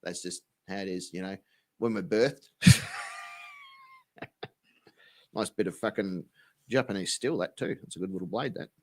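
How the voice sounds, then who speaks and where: A man's voice: low-pitched, fairly quick. An Australian man, the host, giving casual, sweary, slang-filled reaction commentary and explaining local words.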